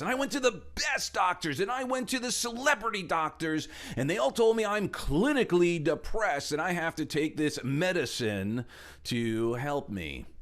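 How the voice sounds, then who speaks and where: A middle-aged man giving a motivational talk as speaker and trainer, animated, swinging between loud emphasis and hushed asides while acting out quoted voices. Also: medium pitch.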